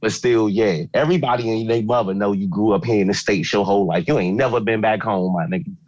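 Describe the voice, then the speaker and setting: A man's voice: lowish voice, quick pace, darkish tone, no echo, highs cut off. A man co-hosting a wrestling podcast in laid-back, slangy casual chat that rambles. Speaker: podcast co-host.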